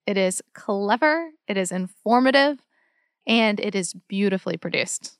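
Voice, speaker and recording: A woman's voice: medium pitch, animated, moderate pace, clean tone, no room sound, studio quality. A woman guest on a comedy panel, chatting in an upbeat, conversational way. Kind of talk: casual discussion.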